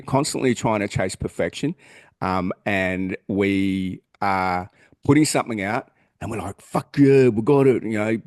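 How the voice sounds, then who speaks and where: A man's voice: on the low side, darkish tone, no room sound, studio quality. An Australian man co-hosting a podcast, talking in a blunt, earnest way and swearing freely. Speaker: podcast co-host. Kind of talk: casual chat.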